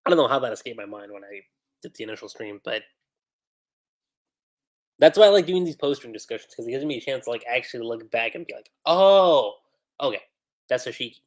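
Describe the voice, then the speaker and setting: A man talking through a comic chapter on a livestream in a loose, chatty way. He thinks out loud and breaks off with small laughs. His voice sits in a middle pitch. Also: animated, fast, pauses often. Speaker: streamer. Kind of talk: livestream commentary.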